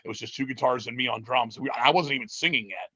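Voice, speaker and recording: A man's voice: medium pitch, fast, slightly rough, dry recording, highs cut off. A man telling rambling, profane stories about starting a metal band in a casual interview. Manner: profane, rambling, animated storytelling.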